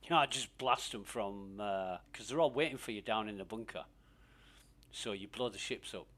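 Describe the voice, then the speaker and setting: A man's voice: lowish voice, moderate pace, fairly bright tone. A man giving rambling, profane casual commentary while playing a game. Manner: rambling, profane, laughs easily. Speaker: gaming streamer.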